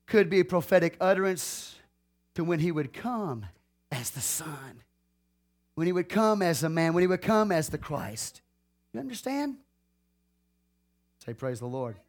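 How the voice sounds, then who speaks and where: Guy preaching in church, lively, keeps asking the crowd if they're with him. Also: sits high, unhurried, pauses often. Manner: lively preaching, calls out to the congregation. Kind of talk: sermon.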